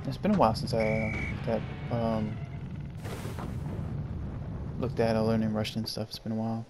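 A man's voice: fairly low pitch, little pitch movement, moderate pace, background noise. A man casually commenting while playing a video game, rambling and easygoing with lots of fillers. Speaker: gaming channel host. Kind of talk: casual let's-play commentary.

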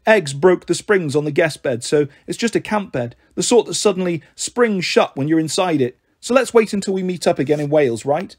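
A man with a husky voice reading a novel aloud in lively first-person storytelling. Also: fairly high pitch, a little fast, hardly any pauses. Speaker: audiobook reader.

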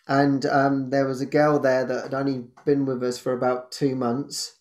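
A man, hosting and telling a personal testimony in an animated way, laughing often and restarting his sentences. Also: medium pitch, moderate pace. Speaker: host.

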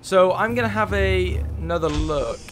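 Male let's-player, a bit high-pitched, casual and rambling, swears when excited. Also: moderate pace, a little hiss or hum. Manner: chatty, thinks aloud with many fillers, swears when moved. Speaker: let's play gamer. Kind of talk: casual gameplay commentary.

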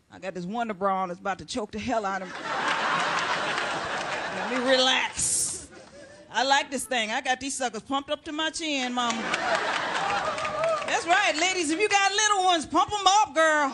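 A middle-aged woman doing a loud, brash stand-up comedy routine, shouting out to a live audience. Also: high voice, normal speed, long pauses, very noisy. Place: stage before a live studio audience.

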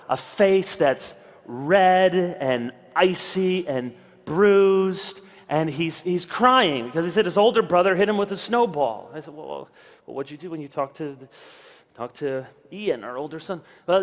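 Guy preaching at a conference, high voice, kinda muffled recording, acts out his kids' lines. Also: long reverb tail. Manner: animated storyteller, acts out his children's lines. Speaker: pastor. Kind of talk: conference sermon with storytelling. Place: large conference hall.

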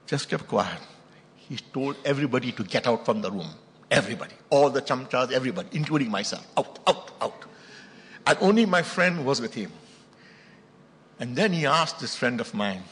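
A man with an Indian accent preaching a sermon as pastor, telling stories emphatically and rising to loud bursts. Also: mid-range voice, animated, normal speed, pauses often. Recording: long reverb of a large hall.

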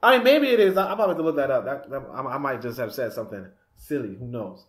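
A man's voice: medium pitch, lively intonation, fast. A male radio host and author in a casual talk-radio monologue. He rambles, laughs often and fills with "you know". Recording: echoey room.

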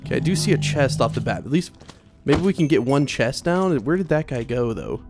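Soft game music plays as a young man gives excitable let's play commentary, animated and prone to panicked yelps and repeated words. He talks a little fast in a mid-range voice with vocal fry, over some background noise.

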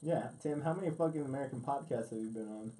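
A man's voice: medium pitch, fast talker, dark tone. A man co-hosting a podcast, joking in a laid-back way and laughing often, at a studio mic. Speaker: podcast co-host. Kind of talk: casual podcast chat.

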